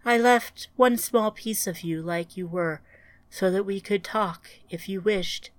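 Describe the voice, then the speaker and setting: A woman voicing an ancient, sorrowful female entity made of countless tiny machines, speaking in a calm, measured, solemn way in an audiobook. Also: medium pitch, dry recording, natural voice.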